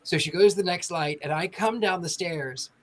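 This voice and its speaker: An animated woman spins a story for a panel of friends. She slips into the voices of the people she quotes and keeps the telling lively. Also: on the low side, normal speed. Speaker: podcast panelist telling an anecdote. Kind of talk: casual storytelling chat.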